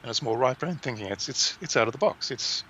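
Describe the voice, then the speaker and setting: A man co-hosting a relaxed discussion, explaining ideas carefully and pausing to find his words. His voice has a bright, forceful edge. The recording sounds dull and lo-fi, with a faint hiss. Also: medium pitch. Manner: explanatory, thoughtful, with pauses. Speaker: podcast co-host. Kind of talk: casual conversation.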